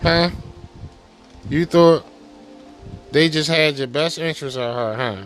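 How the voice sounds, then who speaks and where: Man, podcast host, casual rant, profane, street slang, rhetorical questions, higher-pitched voice, faint background music. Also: slow pace, a bit bright.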